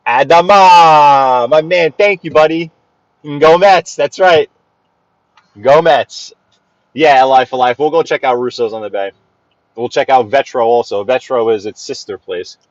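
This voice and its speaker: A man with a New York accent chats loosely with his viewers as he drives, calling out their names and talking about the streets he passes. His voice sits at an average pitch. The sound is dry and a little muffled, as if captured inside the car. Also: a little slow, no echo. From Brooklyn, New York. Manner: chatty, rambling, greets viewers by name. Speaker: livestream driving host. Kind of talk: casual live-stream chat while driving. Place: inside a car in city traffic.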